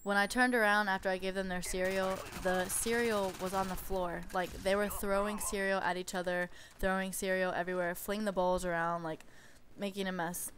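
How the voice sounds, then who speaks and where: Young woman, mid-pitch, chatty exasperated storyteller, faint hiss behind. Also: little pitch movement, moderate pace, hardly any pauses, a bit bright. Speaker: babysitter telling stories. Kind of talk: casual storytime vlog.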